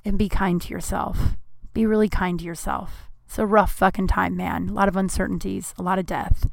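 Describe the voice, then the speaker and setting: A woman's voice: medium pitch, little pitch movement, moderate pace, creaky, no room sound. A young adult woman hosting a podcast, chatting casually and profanely with self-deprecating jokes. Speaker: podcast host. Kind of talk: casual solo podcast outro.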